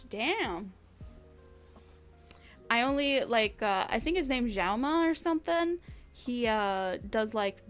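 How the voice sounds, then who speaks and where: A young woman streamer chats casually with her viewers in a mid-range voice, rambling along, laughing often, and swearing freely.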